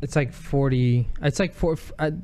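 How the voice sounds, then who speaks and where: A man chatting casually, telling an animated story full of restarts and swearing. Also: medium pitch, moderate pace. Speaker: podcast co-host telling a story. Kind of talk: casual chat.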